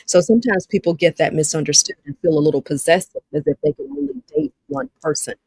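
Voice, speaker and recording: A woman's voice: deep voice, lively intonation, quick pace, gravelly, dark tone, slightly rough, no room sound, low-quality recording. A woman with a Southern US accent hosting a live-streamed dating talk, reading viewer comments aloud and talking to them directly with lots of repetition. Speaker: livestream host.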